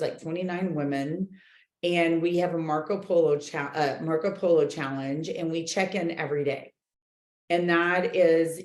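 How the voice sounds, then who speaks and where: A woman coaching a book club group, talking in an animated, chatty way with many fillers. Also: sits low, reverberant. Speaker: real estate coach leading a book club. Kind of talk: casual group talk, reading and commenting.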